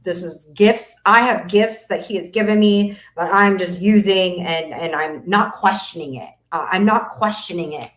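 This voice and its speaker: Her mid-range, slightly bright voice moves at a normal speed with hardly any pauses. She's a business coach running a masterclass webinar, preaching faith-driven motivation emphatically and repeating her lines for effect, in a recording with roomy echo.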